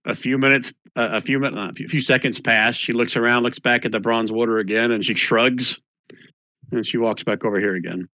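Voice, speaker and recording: A man's voice: mid-range voice, brisk, no room sound. A man narrating as game master of a tabletop game, calling for rolls and describing the scene. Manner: relaxed narration with small restarts, calls for rolls.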